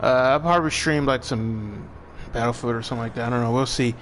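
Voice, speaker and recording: A young man at a desk mic, talking through his gameplay in a relaxed, rambling way. His voice sits at an ordinary middle pitch. A faint hiss of background noise runs under the speech. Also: quick pace. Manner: laid-back, chatty, thinks aloud while playing. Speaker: gaming streamer. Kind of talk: casual live gameplay commentary.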